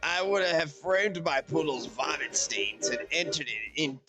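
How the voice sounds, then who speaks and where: A man reading a catty teenage girl's lines aloud in a sarcastic, drawn-out way. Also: fairly high pitch, over loud music, voice pushed up, lightly acted. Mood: snide. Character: catty mean teenage girl.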